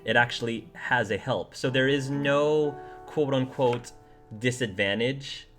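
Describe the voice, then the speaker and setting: A man running a tabletop game as game master, explaining the setting in an animated way with laughing asides. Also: medium pitch, unhurried, music in the background.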